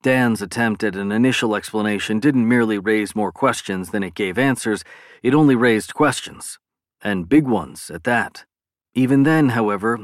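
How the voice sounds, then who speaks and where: An audiobook narrator reads a science fiction novel from a script in a steady, measured way. His voice is lowish, and the studio recording is clean and dry.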